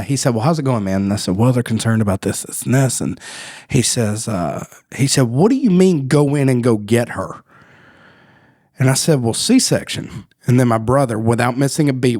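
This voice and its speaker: A man's voice: medium pitch, darkish tone, dry recording. A man tells a story on his podcast in easy, casual talk, laughing often. His voice sits in a middling range. The recording is dry and close. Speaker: podcast co-host.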